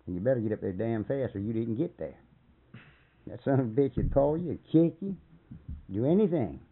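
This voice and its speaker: A man's voice: medium pitch, lively intonation, normal speed, breathy edge. An older man telling a long, rambling story in a folksy, profane way, chuckling as he goes. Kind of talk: rambling oral-history storytelling. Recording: tinny phone-like lo-fi recording.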